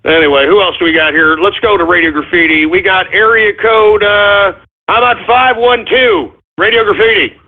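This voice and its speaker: A man hosting a comedic call-in radio show, theatrical and exasperated, with mock whining and shouting. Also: high voice, moderate pace. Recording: tinny lo-fi broadcast.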